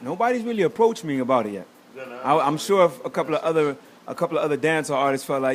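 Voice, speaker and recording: Fast-talking New man telling stories. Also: on the high side, slight background noise. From United States. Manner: animated, acts out quotes. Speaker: guest reggae artist. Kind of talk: casual chat, storytelling. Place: studio.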